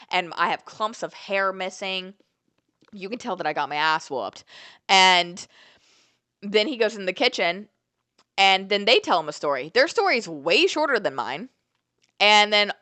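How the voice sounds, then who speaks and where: A woman's voice: on the low side, pushed and bright, no room sound. A woman, telling a dramatic fight story in a casual vlog, swearing often and acting out the moments. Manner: profane, dramatic storytelling with acted-out quotes.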